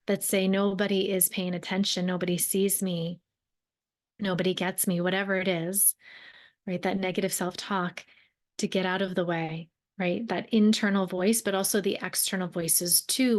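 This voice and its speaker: A young adult woman hosting a solo podcast, speaking earnestly and conversationally, often rephrasing herself and using fillers as she talks. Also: on the low side. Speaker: podcast host and mentor. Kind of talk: reflective solo podcast talk.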